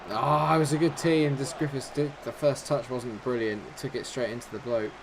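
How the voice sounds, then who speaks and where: Excitable man commentating his game. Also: medium pitch, fairly quick, vocal fry, background noise. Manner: excitable football-style commentary, shouts at goals. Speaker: gaming YouTuber. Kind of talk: live gameplay commentary.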